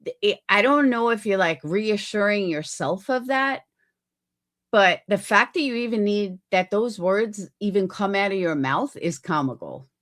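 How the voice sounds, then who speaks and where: A woman's voice: medium pitch, measured pace, fairly bright tone. A woman hosting reaction commentary, talking in a sarcastic, mocking way about a clip she plays. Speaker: commentary host.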